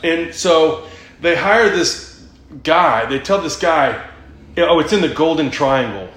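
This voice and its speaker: A man's voice: fairly high pitch, animated, takes it slowly, a bit bright. Rambling, cursing man in an echoey room. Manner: profane, rambling storyteller who laughs often. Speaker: podcast host. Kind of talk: casual chat.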